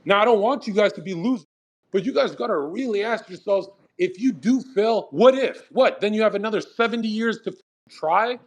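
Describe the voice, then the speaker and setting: Male host, blunt and profane, pep-talk energy, high-ish register. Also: expressive, normal speed. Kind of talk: motivational talk on a live audio room.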